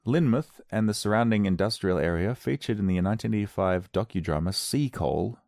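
A man's voice: lowish voice, quick pace, darkish tone, dry recording, studio quality. A man hosting a solo comedy show, riffing sarcastically and playfully in a rambling monologue.

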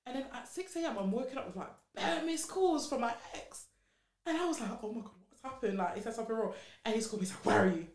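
A woman's voice: a little high, fast talker. Give me a young woman, telling a story animatedly in an echoey room. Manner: animated, laughing storyteller who acts out quotes. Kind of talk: casual storytelling chat.

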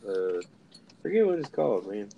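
A man's voice: on the low side, big pitch swings, normal speed, creaky, lo-fi sound, slight background noise. A man with a northern US accent co-hosting a casual podcast chat, rambling and swearing casually. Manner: easygoing, rambling, profane. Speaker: podcast co-host.

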